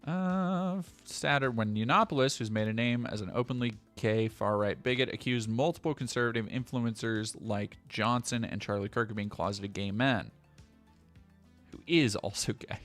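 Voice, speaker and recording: A man's voice: mid-range voice, moderate pace, a bit bright, faint music behind. A man streaming, reading news headlines aloud and reacting with sarcastic asides. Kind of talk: casual stream commentary.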